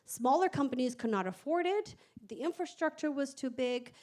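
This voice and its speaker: High-voiced woman telling a story on stage. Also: normal speed. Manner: animated, candid, swears and laughs while telling. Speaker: startup founder telling her story. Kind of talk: live stage storytelling talk. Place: event stage before an audience.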